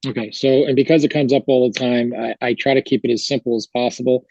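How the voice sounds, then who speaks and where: A man's voice: mid-range voice, fairly even intonation, quick pace, creaky, a little mellow, no echo, lo-fi sound. A male fitness coach explaining his training approach in an interview, talking energetically with plain, repeated phrases. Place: gym.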